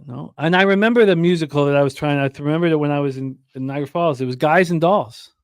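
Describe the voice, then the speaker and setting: Man calling a race with rising excitement, dry. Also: on the high side, quick pace, smooth, no echo. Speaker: co-host. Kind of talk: casual chat and horse-race commentary.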